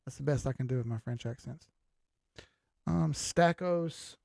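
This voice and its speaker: A man's voice: mid-range voice, measured pace, gravelly, a little mellow, dry recording, clean studio sound. An older man hosting a crypto livestream, talking loosely and with profanity while reading out viewer comments. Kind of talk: casual livestream chat.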